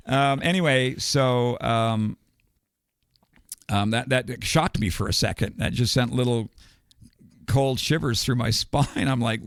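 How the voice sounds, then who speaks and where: A man's voice: medium pitch, takes it slowly, pauses often, no echo, studio quality. An older man from the United States, a podcast guest telling a long story in a rambling, digressive way and chuckling between details. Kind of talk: casual storytelling.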